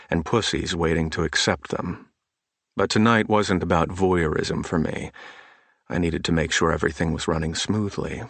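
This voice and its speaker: Deep-voiced male audiobook narrator. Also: creaky, fairly bright tone, dry recording. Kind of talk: scripted first-person narration. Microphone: studio mic, close.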